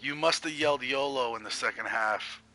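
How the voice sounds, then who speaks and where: Bright-voiced joking male commentator. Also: medium pitch, moderate pace, rough recording. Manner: joking, playful banter. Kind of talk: casual game commentary.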